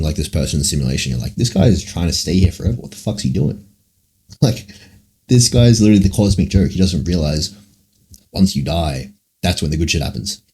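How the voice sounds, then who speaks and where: A man with a very deep, dark voice and a husky edge answers chat questions on a casual livestream. He rambles and muses, swearing freely as he thinks aloud. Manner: rambling, musing, frequent swearing.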